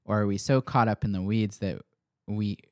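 A man's voice: fairly low pitch, fairly even intonation, moderate pace, no room sound, clean studio sound. A man hosting a church podcast, talking in a casual, musing way with lots of fillers and restarts. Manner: thoughtful, rambling, many fillers and restarts. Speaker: pastor, podcast host. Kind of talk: casual chat.

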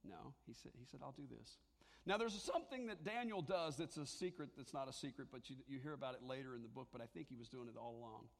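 A man's voice: mid-range voice, fast talker, hardly any pauses, in a large hall. A man preaching a sermon to his congregation in a church, talking in a conversational way and joking with them. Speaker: pastor. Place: church sanctuary.

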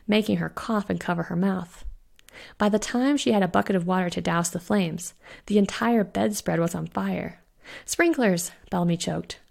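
A woman reads her own spooky short story aloud in a steady storyteller's voice. Her voice sits low with a gravelly texture, and the delivery stays even throughout. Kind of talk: scripted narration.

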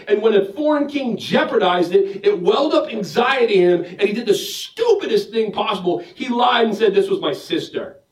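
A man preaching a sermon, telling the story with jokes and acting out the voices of the people in it. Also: very high voice. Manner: animated, joking storyteller acting out bits. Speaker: pastor. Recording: roomy echo, mic at a distance.

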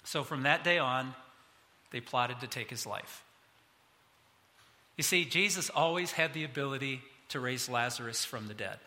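A middle-aged man preaching a sermon as pastor, animated, his voice climbing high when he gets excited. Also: normal speed, pauses often, in a large hall.

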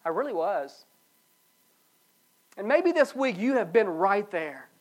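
A pastor giving a sermon, swinging between loud pleading and soft low passages and repeating phrases for emphasis. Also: sing-song, slow pace.

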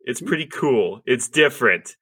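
Male podcast host, bright dry voice, rambling and profane. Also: mid-range voice, animated, moderate pace, breathy edge, dry recording. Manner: rambling, swears freely, laughs often. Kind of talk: casual chat.

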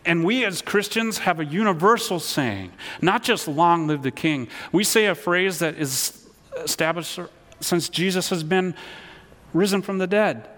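A man's voice: sits high, expressive, measured pace, a bit bright. A man preaching a sermon as pastor, earnest, often repeating words and leading his listeners in call-and-response. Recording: long hall reverb.

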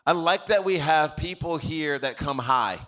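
A man's voice: fairly high pitch, unhurried, a bit bright, faint music behind. A man preaching a sermon as pastor, telling stories casually and building to emphatic preaching.

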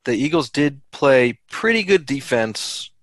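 A man's voice: mid-range voice, very animated, measured pace, no room sound, rough recording. A man who produces the show and joins in the comedy banter, blunt and grumbling.

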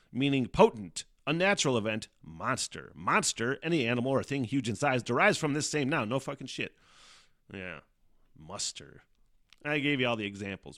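Middle-aged guy from northern michigan, swears nonstop, laughs a lot, bright lively voice. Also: mid-range voice. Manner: profane, rambling, laughs often. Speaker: podcast host. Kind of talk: casual rambling monologue. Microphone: studio microphone.

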